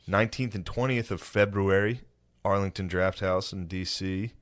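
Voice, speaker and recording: A man co-hosting a podcast, chatting casually and telling animated stories with sudden high-pitched impressions. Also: moderate pace. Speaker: podcast co-host. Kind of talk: casual chat.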